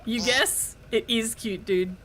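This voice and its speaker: A woman with an Australian accent, streaming casual reaction commentary with exclamations, free swearing and quick stories. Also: fairly high pitch, background noise. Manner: exclamatory, swears freely, storytelling.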